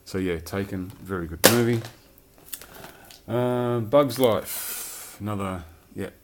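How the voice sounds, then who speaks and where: Heavy background noise accompanies a slow-paced man whose voice sits on the low side. He's casually rambling about the films he collects, with the odd swear word thrown in.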